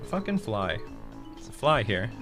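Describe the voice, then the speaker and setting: A man's voice: lowish voice, big pitch swings, a little slow, music in the background. A man with a Canadian accent, chatting casually while streaming a card game, laughing often and swearing now and then. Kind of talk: casual gameplay commentary.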